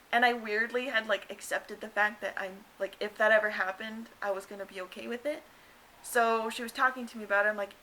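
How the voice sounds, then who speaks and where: Young woman, chatty storyteller, bright and a bit high, light hiss behind. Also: low-quality recording. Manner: chatty, many "like" fillers, acts out quotes in higher voice. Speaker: new mother telling her birth story. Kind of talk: casual storytelling to camera.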